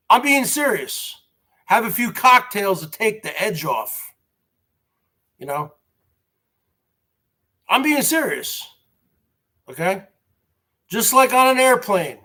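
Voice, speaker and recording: A man's high, pushed, bright voice carries a rambling basement livestream where he gripes, curses, and restarts often. It's a casual monologue from the stream's host.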